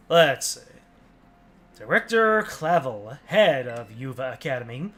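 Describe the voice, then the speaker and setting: In this casual let's-play commentary, a man with a mid-range voice speaks slowly and sing-song, leaving long pauses and using a sharp tone. He jokes and chats while streaming a game, now and then reading its text in a mock newscaster voice.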